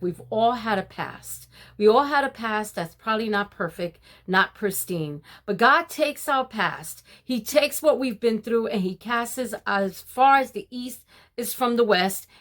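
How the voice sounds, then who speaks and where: Older woman, homemaking vlogger; warm, preachy devotional chat. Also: mid-range voice. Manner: warm, preachy, addresses viewers as ladies. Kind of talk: casual devotional talk to viewers.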